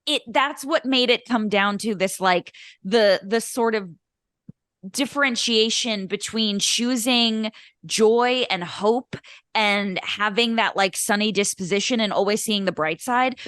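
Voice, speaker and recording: A woman's voice: mid-range voice, a little slow, a bit bright, no echo, clean studio sound. A young woman co-hosting a podcast in casual chat, talking in a gushing, emotional way with many restarts. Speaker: podcast co-host.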